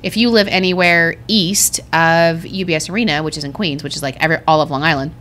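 A woman co-hosting a podcast in casual chat, chatty and excitable, often restarting her sentences. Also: sits low, fast. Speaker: podcast co-host.

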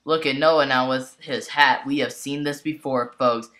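In a very deep, unhurried voice, a woman gives over-the-top mock commentary on toy wrestlers going at it, exclaiming nonstop and calling out to the folks.

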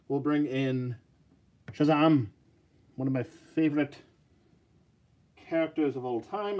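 Male toy reviewer, higher voice, very lively pitch, rambling jokey delivery. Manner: jokey, rambling, talks to viewers. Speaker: action figure reviewer. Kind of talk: casual live toy review.

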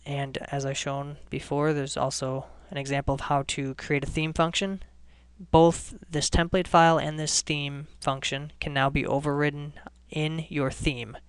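A man hosting a screencast programming lesson, explaining each step in a relaxed way and often restarting his sentences. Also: fairly high pitch, unhurried, clean tone, no room sound. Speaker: coding tutorial host.

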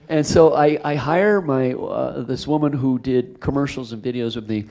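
A man's voice: mid-range voice, moderate pace, vocal fry, hardly any pauses. A middle-aged man, a film director, telling stories at a live Q&A after a screening, acting out voices in his anecdotes. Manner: animated, acts out voices in anecdotes. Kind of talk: storytelling at a live Q&A. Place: theater stage after a screening.

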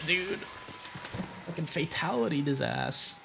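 Gravelly young man cracking crude jokes. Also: medium pitch, a little slow, a bit bright, soft background music. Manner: crude, sarcastic, joking reactions. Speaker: gaming voice-over streamer. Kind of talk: casual let's-play commentary.

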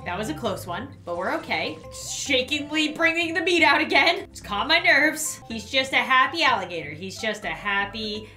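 A woman's voice: sits high, sing-song, normal speed, few pauses, pushed and bright, soft background music. A young woman reacting dramatically to a mobile game, gasping and shrieking as she plays. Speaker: gaming YouTuber. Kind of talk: game commentary with ad read.

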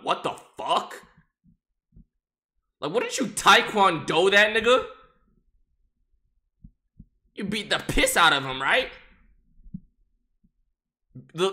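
A young man streaming reaction commentary, profane and excitable, talking straight to his chat. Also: high-pitched, a little slow, pauses often.

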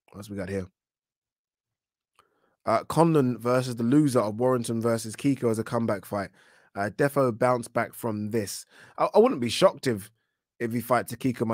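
A man hosting a live stream, chatting about boxing and reading out viewer comments, animated and swearing now and then. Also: mid-range voice, no echo, clean studio sound. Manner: animated, swears when worked up, many fillers. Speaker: boxing talk show host.

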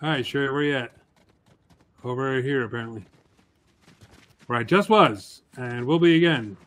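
A man giving casual, joking commentary while playing a video game, with excitable outbursts. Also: mid-range voice, moderate pace. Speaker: gaming streamer.

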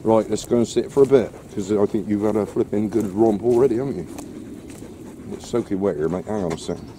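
A man's voice: lowish voice, brisk, noisy background. A man, chatting casually and jokingly while walking his dog outdoors by a harbour. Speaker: dog walker filming his walk. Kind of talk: casual chat.

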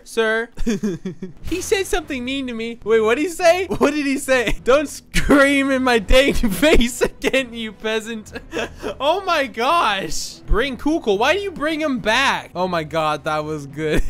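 An excitable man gives gameplay commentary with constant laughter and sudden shouts. His voice sits high and bright and swoops widely up and down. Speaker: gaming YouTuber.

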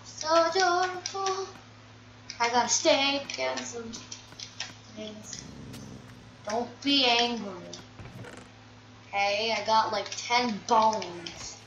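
A woman's voice: a little high, fairly even intonation, extremely slow, long pauses, noisy background. A woman giving casual let's-play commentary, chatty, grumbling at the game and scolding the animals on screen. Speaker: gameplay commentator. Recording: dull, echoey, distant mic with game music. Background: game music.

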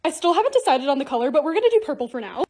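A woman's voice: sits high, big pitch swings, very fast, dark tone, a little hiss or hum. A young woman narrating her home projects and shopping hauls in a chatty, bubbly vlog voice-over. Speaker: lifestyle vlogger.

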